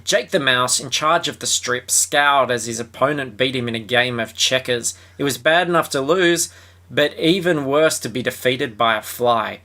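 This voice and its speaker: A man's voice: mid-range voice, normal speed, bright, forceful tone. A man from Australia with an Australian accent, hosting a podcast, reading a book aloud and chatting in a sweary, sarcastic way. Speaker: podcast host. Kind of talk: casual chat and reading aloud.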